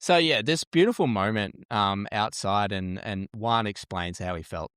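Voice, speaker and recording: A man's voice: fairly low pitch, moderate pace, a bit bright, clear, resonant tone, dry recording, studio quality. A man hosting a podcast, blunt and jokey, swearing freely. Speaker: podcast host. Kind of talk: casual podcast chat.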